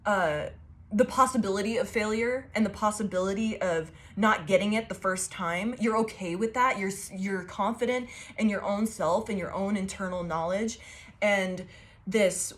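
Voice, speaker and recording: A woman giving a casual tarot reading to her viewers, excitable and profane, rambling and restarting her sentences. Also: medium pitch, normal speed. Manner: excitable and profane, laughing often. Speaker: tarot reader.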